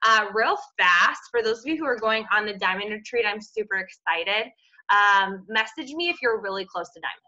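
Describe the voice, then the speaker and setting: Woman coach hyping up her team, bright earnest voice, kinda dull lo-fi sound. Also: mid-range voice, animated, normal speed. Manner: earnest, upbeat, faith-based encouragement. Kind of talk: motivational team talk. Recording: dull lo-fi audio.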